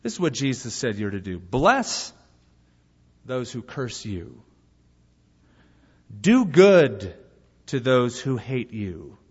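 A male pastor preaching a sermon in a lively way, acting out bits of dialogue between points. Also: mid-range voice, slow pace, long pauses, breathy edge. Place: church sanctuary. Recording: muffled live recording in a reverberant hall.

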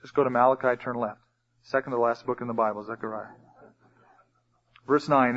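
A man's voice: medium pitch, steady tone, normal speed, long pauses, fairly bright tone. A man preaching a sermon as pastor, emphatic and reading scripture aloud. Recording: dull lo-fi recording.

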